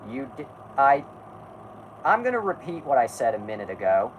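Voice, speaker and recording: A man's voice: mid-range voice, sing-song, moderate pace, highs cut off, a little hiss or hum. A man hosting a casual live stream who halts, rambles and restarts his sentences while he talks to his chat and co-hosts. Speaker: podcast host.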